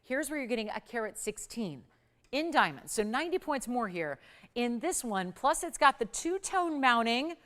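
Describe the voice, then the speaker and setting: A woman's voice: a little high, very animated, moderate pace, fairly bright tone. A woman hosting a live TV jewelry shopping show, pushing deals with urgent, upbeat sales patter and counting prices down. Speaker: shopping channel host. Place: TV studio.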